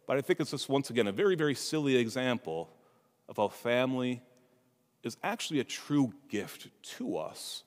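A priest giving a homily, telling a humorous family story with asides to the congregation, in a church. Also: male voice, mid-range voice, lively intonation, normal speed. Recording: reverberant church hall.

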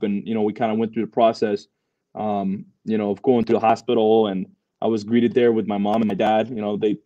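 A man's voice: lowish voice, warm tone, no room sound, dull audio. A young man, a Marine veteran, telling his story as a podcast guest, loose and full of fillers and swearing. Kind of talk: casual storytelling interview.

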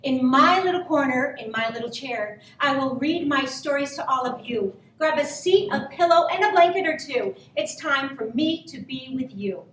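A woman gently and expressively reading a picture book aloud to children. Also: high voice, lively intonation, normal speed, hardly any pauses, a little hiss or hum. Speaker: children's story reader. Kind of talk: storybook read-aloud for children. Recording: roomy, from a distance.

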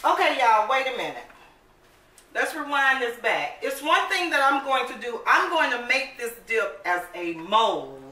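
A woman hosting a casual cooking vlog, upbeat and chatty, often calling her viewers "baby" and saying she is excited. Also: fairly high pitch. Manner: excited, admits talking fast. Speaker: cooking channel host. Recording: roomy echo, mic at a distance, faint noise.

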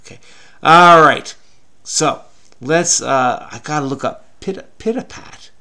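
Gravelly man frenetically solving crosswords. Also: on the high side, slow, pushed and bright. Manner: frenetic, muttering to himself. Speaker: crossword solver. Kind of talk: casual puzzle-solving commentary.

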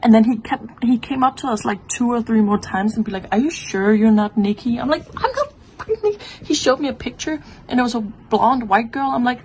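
A playful young woman in her twenties chats casually to a handheld camera, swearing freely as she tells a story. Her voice sits a little high, with faint noise behind her. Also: brisk, hardly any pauses, a little mellow. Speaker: vlogger. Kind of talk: casual vlog chat and storytime. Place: outdoors and indoor museums, walking around.

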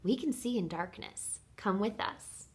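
A woman doing a tender, hushed mother bat. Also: mid-range voice, a little slow, natural voice. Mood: gentle. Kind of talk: read-aloud storybook voicing.

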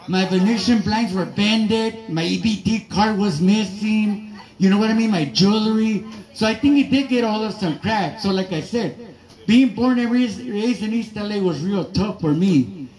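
A stand-up comedian and emcee from East Los Angeles, USA, performs in a garage. His voice sits high on a rough recording as he rambles loosely through his set, tossing asides to the crowd.

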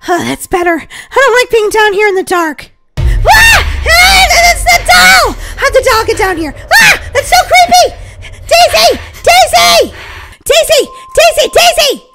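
A woman voicing Molly, a young girl who is excitable, jumpy and easily spooked, in a roleplay story. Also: very high-pitched, moderate pace, gravelly, hardly any pauses, shouting, noisy background, pitched above the performer's own voice, heavily acted. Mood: frightened. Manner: excitable, shrieks when scared.

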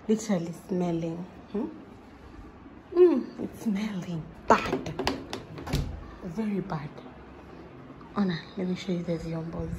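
A young woman with a Kenyan accent talks into her phone while showing off a rundown rental, griping in exaggerated disbelief. She speaks at a middle pitch. The small tiled room around her rings with heavy echo. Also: background noise. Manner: exasperated, dramatic complaining, mixing in Swahili. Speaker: vlogger. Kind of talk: casual vlog room tour.

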